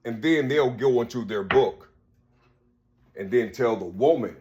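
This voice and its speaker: A man's voice: mid-range voice, measured pace, pauses often, a little mellow. A man giving a rambling spiritual monologue, repeating himself often. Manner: rambling, repeats "you see" constantly.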